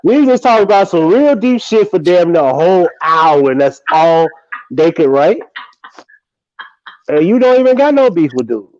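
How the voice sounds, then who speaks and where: A man's voice: high-pitched, sing-song, moderate pace, darkish tone, lo-fi sound, slight background noise. A man co-hosting a livestream, arguing his points bluntly and with profanity. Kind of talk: casual chat.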